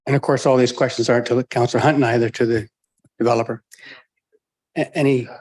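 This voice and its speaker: A man's voice: mid-range voice, steady tone, fast, a little mellow. A man chairing a public planning meeting, friendly and informal as he invites speakers forward. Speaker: meeting moderator.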